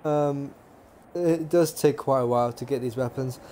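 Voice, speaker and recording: A man's voice: mid-range voice, moderate pace, dark tone, a little hiss or hum. A young man casually commenting on his gameplay as a gaming YouTuber, chatty and swearing now and then. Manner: chatty, swears, jokey asides.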